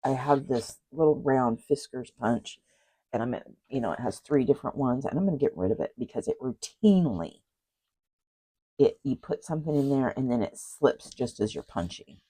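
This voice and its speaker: A craft vlogger flips through a handmade journal, chatting casually and rambling with asides and apologies. Her very deep voice is animated, mellow and husky at a moderate pace, though the audio is poor.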